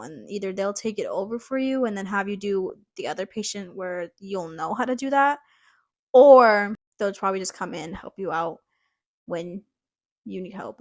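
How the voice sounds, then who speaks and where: A young woman telling a story in a casual vlog about her job as a dental assistant, chatty and animated, acting out what people said. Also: medium pitch. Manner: chatty, animated, acts out quotes.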